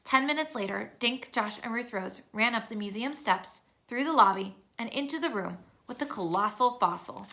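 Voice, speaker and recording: Bright-voiced woman reading a storybook. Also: on the high side, moderate pace, few pauses. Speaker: narrator. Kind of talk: reading a children's chapter book aloud.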